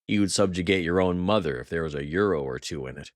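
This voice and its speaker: Read by a man, a hardened male agent snarls with raw contempt. His voice sits very deep and close, and the studio sound is dry. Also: unhurried, dry recording. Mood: furious.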